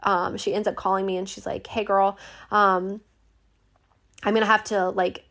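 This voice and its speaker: Young woman, podcast host, gravelly fry, loose profane storytelling, heavy "like" fillers. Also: mid-range voice, level tone, moderate pace, fairly bright tone. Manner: chatty, swears freely, many "like" fillers, acts out quoted voices. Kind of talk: casual storytelling monologue.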